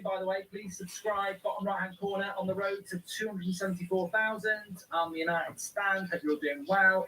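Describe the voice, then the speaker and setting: A man's voice: high voice, pushed and bright, distant mic, slight background noise, poor audio. A man hosting a live football watchalong, reading viewer comments aloud and answering them in casual chat.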